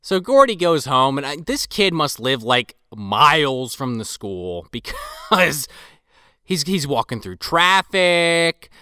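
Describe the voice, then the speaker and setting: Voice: medium pitch, very animated, slow, pushed and bright, smooth, no echo, clean studio sound. A podcast co-host chatting casually about a movie, teasing the others and laughing often.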